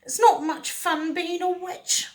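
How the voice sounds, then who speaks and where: A woman voicing a sly, hungry old female witch with a high, shrill, warbling sing-song voice that turns sulky and mournful. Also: fairly even intonation, slow.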